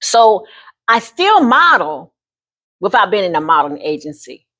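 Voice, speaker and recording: A woman in her sixties telling a personal story to camera in an animated, folksy way, often calling the listener honey. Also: mid-range voice, unhurried. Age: 60s. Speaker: vlogger.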